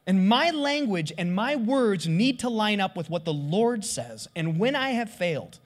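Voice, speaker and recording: A man's voice: sits high, sing-song, measured pace. A middle-aged man who pastors a church, preaching a candid, confessional sermon and voicing his own prayers as he goes.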